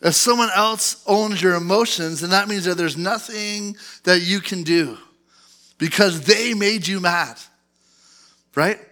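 A male pastor in his thirties preaching a sermon in church, animated and acting out angry outbursts. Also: sits high, a little slow. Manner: animated, acts out outbursts in a loud put-on voice.

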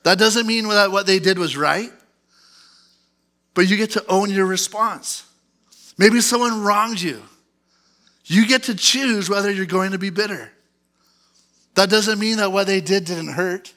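A male pastor in his thirties preaching a sermon in church, animated and acting out angry outbursts. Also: high-pitched, unhurried, pauses often. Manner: animated, acts out outbursts in a loud put-on voice.

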